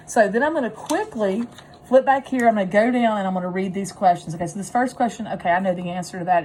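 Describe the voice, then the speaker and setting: A woman's voice: medium pitch, darkish tone. Woman teacher thinking aloud. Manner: thinking aloud while working through a test. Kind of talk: test-taking demonstration. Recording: faint background noise.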